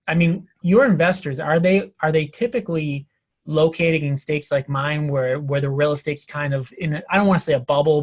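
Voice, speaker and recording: A man hosting a podcast interview, asking questions in a chatty way and thinking out loud as he talks. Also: fairly high pitch. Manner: chatty, thinks aloud with fillers and restarts. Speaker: podcast host.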